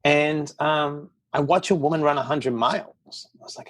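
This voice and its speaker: A man's voice: fairly high pitch, steady tone, fairly quick, a bit bright. A middle-aged man, a podcast guest, tells a personal story candidly and bluntly, acting out quotes as he goes. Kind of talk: casual storytelling interview.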